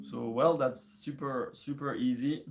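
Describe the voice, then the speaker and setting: Slow, halting man teaching a lesson. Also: medium pitch, steady tone, creaky, over loud music. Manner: halting, thinking aloud with many fillers. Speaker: music teacher. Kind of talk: casual music lesson.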